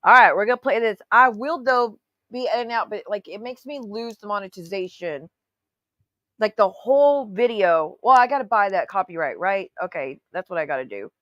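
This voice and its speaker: A woman's voice: medium pitch, animated, moderate pace, fairly bright tone, no echo, lo-fi sound. A woman hosting her own channel, giving sarcastic, profanity-laced casual commentary on clips. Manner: sarcastic, profane, calls people honey. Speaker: YouTube host reacting to clips.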